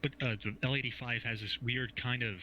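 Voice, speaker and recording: Bright-voiced joking podcast guest man. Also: mid-range voice, steady tone, brisk, lo-fi sound, a little hiss or hum. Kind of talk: casual podcast chat.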